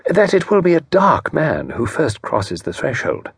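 A man's voice: on the high side, huge pitch swings, unhurried, vocal fry, husky, no room sound, clean studio sound, pitched above the performer's own voice, full character voice. A man voicing a chatty, placid older lady who hosts a country house, talking in a genteel, prattling way in an audiobook. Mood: placid chatter.

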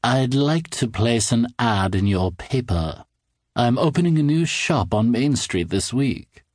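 A man voicing an odd, smug little man in a children's audiobook, speaking with slow, silky, unsettling politeness. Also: medium pitch, animated, a little mellow, dry recording, clean studio sound, pitched above the performer's own voice. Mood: smug, creepy.

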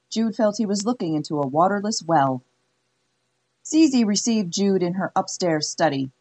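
A woman narrating an audiobook in a measured, wry way. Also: lowish voice, a little mellow. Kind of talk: scripted narration.

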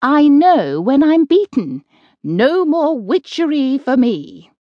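A woman voicing a kindly, sensible witch who talks gently and patiently, in a close dry studio recording. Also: high-pitched, big pitch swings, slow, no echo, lo-fi sound, voice pushed up, exaggerated voice. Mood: resolute.

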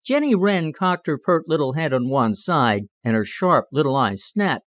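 A man narrating a children's animal storybook in a clear, measured storytelling manner. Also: fairly high pitch, big pitch swings, no echo. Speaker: audiobook narrator.

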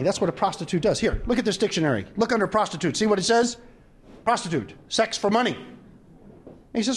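A man's voice: sits high, animated, quick pace. A man telling adult stand-up jokes to a live crowd and laughing at his own punchlines. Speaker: comedian.

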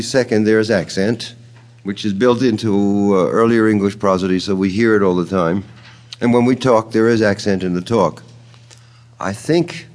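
A man with a fairly low voice gives a loose, spoken lecture on poetics. He wanders between thoughts, fills pauses with uh, and chuckles now and then at his own remarks. He sounds out meters aloud with ta-ta syllables. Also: darkish tone. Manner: thoughtful, digressive, hums out rhythms with ta-ta syllables. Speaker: poetry lecturer.

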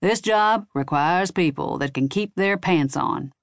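A woman voicing a crude, gruff male werewolf sheriff who growls and drawls his lines slowly. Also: on the high side, a bit bright, no echo, clean studio sound.

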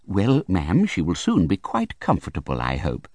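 A timid, polite doctor stammers out his news in a soft, deferential way, as a man puts him on. His voice sits low, and the storybook recording is dry and close. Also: wildly swooping pitch, moderate pace, dry recording, exaggerated voice. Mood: meek hesitant. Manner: meek, hesitant, polite. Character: meek, polite male country doctor.

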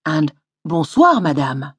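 A woman instructor reading a scripted audio language lesson in a studio, slowly modelling each word to repeat. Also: low voice, very animated, soft background music. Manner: patient, slow model pronunciation.

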